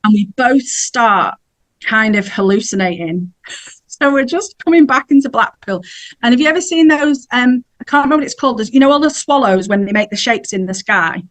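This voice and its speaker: A woman's voice: on the high side, brisk. A middle-aged woman, telling a personal story in a chatty way as a podcast guest and laughing now and then. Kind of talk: casual storytelling.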